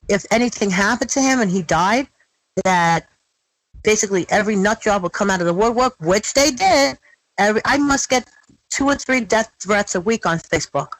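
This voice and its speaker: A middle-aged woman telling her story in an interview, blunt and animated, swearing freely. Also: medium pitch, no echo, rough recording. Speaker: guest.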